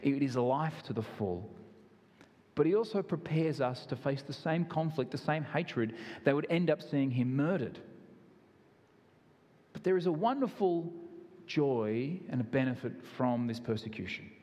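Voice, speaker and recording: A man's voice: mid-range voice, lively intonation, unhurried, a little mellow, big-room sound. A man with an Australian accent, preaching a sermon in an earnest, conversational way with self-deprecating asides. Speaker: pastor.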